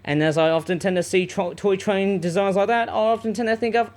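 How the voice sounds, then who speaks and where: A man's voice: sits high, fairly even intonation, normal speed, few pauses. A man, chatting enthusiastically and a little rambly while reviewing and running a toy train. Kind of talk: casual unboxing commentary.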